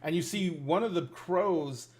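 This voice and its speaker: A man's voice: fairly high pitch, a little slow. Loose-talking male game master. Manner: loose, filler-heavy narration. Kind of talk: narrating a tabletop game.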